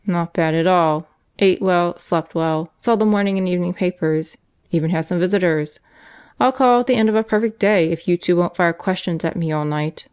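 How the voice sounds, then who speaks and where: A woman voicing a sullen, defiant male prisoner who sneers and growls, read in a lowish voice. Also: moderate pace, darkish tone, clean tone, natural voice. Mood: wry.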